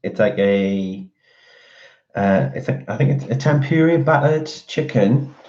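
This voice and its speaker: Man, very deep voice, casual rambling chat, ums and restarts, muffled lo-fi sound. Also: animated, unhurried, a little mellow. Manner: rambling, with many fillers and restarts. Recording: dull lo-fi audio.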